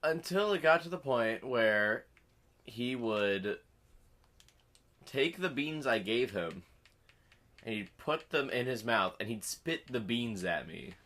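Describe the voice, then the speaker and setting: A teenage boy co-hosting a casual comedy podcast, telling stories in an animated way. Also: medium pitch, takes it slowly, pauses often. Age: teens. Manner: animated storytelling. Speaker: podcast co-host. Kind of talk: casual chat.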